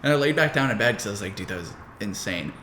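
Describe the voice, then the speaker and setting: A man's voice: on the low side, animated, fast, sharp tone. A young man co-hosting a podcast, telling loose stories full of fillers and swearing. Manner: rambling storyteller, heavy swearing and filler. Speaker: podcast co-host. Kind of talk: casual chat. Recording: roomy echo, faint background noise.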